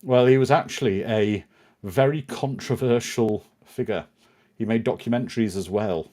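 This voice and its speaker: Low-voiced man, dry commentary. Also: normal speed, darkish tone. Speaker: watch-party co-host. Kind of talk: casual film commentary.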